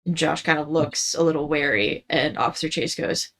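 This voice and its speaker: A woman narrates a tabletop game as game master. Her voice sits a little low, and she talks casually with lots of fillers. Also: moderate pace, fairly bright tone.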